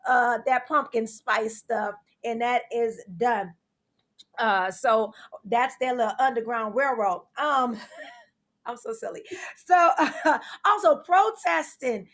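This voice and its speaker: A woman with a New Orleans accent hosting a comedy show, animated and laughing through her jokes. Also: high-pitched. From New Orleans, Louisiana.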